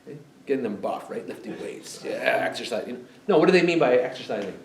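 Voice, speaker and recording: A man's voice: medium pitch, lively intonation, fast. A male pastor preaching a sermon in a church, chatty and full of questions to the congregation. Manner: conversational, asks the congregation questions. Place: church sanctuary. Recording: echoey church hall, mic far off.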